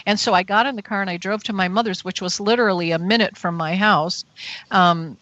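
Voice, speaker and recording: A woman's voice: medium pitch, a little fast, a bit bright, no room sound. A woman guest on a radio interview show, telling a personal story earnestly and breathlessly. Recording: dull, dry radio show audio.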